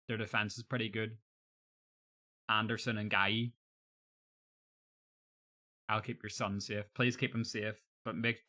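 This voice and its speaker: A man's voice: fairly low pitch, pushed and bright. A young man chatting casually on a live stream, joking and swearing freely.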